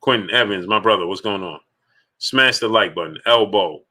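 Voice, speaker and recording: A man with a lowish, bright and forceful voice hosts a live sports stream. He talks casually and emphatically, hammers his points through repetition and keeps calling out viewers in the chat by name. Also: moderate pace.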